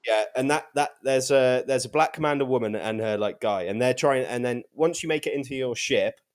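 A man's voice: medium pitch, a little fast. A man co-hosting a podcast, telling stories with a laugh and some swearing. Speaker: podcast co-host. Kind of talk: casual banter.

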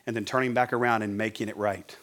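A middle-aged man preaching as a pastor, telling an animated sermon story and acting out his own shouting. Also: on the low side, quick pace. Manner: animated, acts out his own yelling at a referee.

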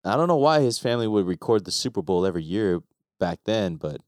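A man's voice: fairly low pitch, lively intonation, quick pace, darkish tone, no room sound, studio quality. A man co-hosting a podcast in casual chat, laid-back and cursing freely. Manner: laid-back, swears freely, laughs often. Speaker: podcast co-host.

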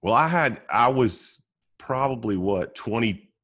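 A middle-aged man talking casually as a podcast guest, telling stories with halting restarts and frequent laughs. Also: mid-range voice, lively intonation, a bit bright.

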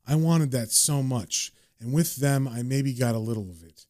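Weary, wry comic-book man as read by a man, low muttered delivery. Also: lively intonation, brisk, a little mellow, no echo, studio quality, close to an everyday voice. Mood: reflective.

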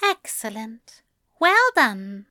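A fussy, courteous male angel, as a woman reading aloud puts him on, soft-spoken and exact. The voice sits noticeably higher and a touch louder than her narration. It is recorded dry and close. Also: lively intonation, a little slow, no echo, exaggerated voice. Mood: gentle, coaxing. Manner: polite and precise, murmuring.

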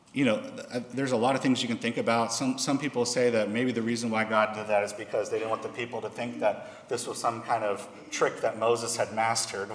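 Male preacher, mid pitch, reads scripture with raised dramatic delivery; recorded in a reverberant hall. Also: fairly bright tone. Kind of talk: sermon with scripture reading. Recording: echoey hall.

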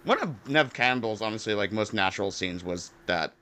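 A man's voice: fairly low pitch, expressive, normal speed, bright, forceful tone. A young man riffs loosely through a casual film review, drifting between points with plenty of filler. He swears freely and breaks into laughter often. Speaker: podcast co-host. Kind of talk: casual movie review chat.

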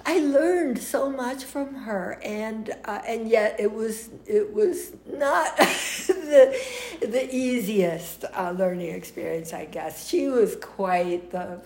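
An older woman with an American accent, telling lively stories in a casual interview and laughing often. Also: fairly high pitch, slow, echoey room. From United States.

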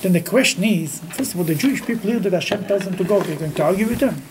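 A man teaching a weekly scripture class. He speaks haltingly, with frequent restarts, and grows lively as he tells stories. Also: high voice, noisy background. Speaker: Torah teacher.

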